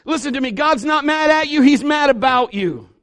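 A male pastor in his fifties preaching to his church, swinging from loud exhortation to quiet, intimate asides with humor. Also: very high voice, moderate pace, dry recording, clean studio sound. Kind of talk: sermon. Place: church sanctuary.

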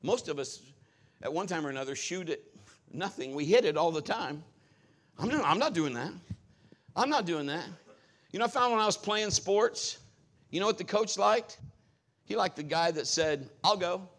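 High bright-voiced preaching man. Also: normal speed. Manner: animated storytelling, acts out quoted voices. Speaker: pastor. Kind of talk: sermon.

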